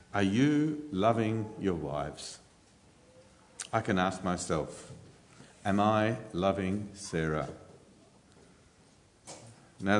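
A man preaching a sermon in an earnest way, with frequent ums and rhetorical questions. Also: lowish voice. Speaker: pastor. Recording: reverberant church hall.

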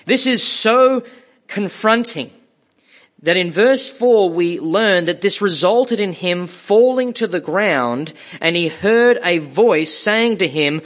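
Slow, emphatic male preacher. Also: high-pitched, expressive, a bit bright. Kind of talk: sermon.

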